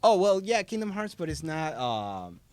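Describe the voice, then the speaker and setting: A man, a voice actor, chatting as a guest on a podcast in a studio, a little congested, talking in an animated way and slipping into quoted voices. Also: fairly high pitch, normal speed, dry recording. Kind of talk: casual interview chat. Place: podcast studio in a hobby shop.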